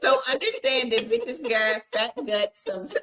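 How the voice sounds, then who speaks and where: A woman chatting on a casual podcast, lively and playful. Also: on the high side, normal speed, slight background noise. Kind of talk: casual group chat.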